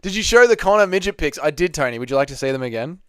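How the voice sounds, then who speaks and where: A young man hosts a casual live stream and chats loosely with his viewers. His voice is clear and smooth, with a lively, swinging pitch. The sound is dry and close to the microphone. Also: racing, no room sound. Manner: chatty, reads chat aloud, banters with viewers.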